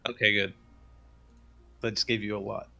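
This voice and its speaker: Gravelly-voiced male game master. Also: fairly low pitch, flat delivery, pushed and bright. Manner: halting, restarts while describing. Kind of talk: narrating a tabletop game.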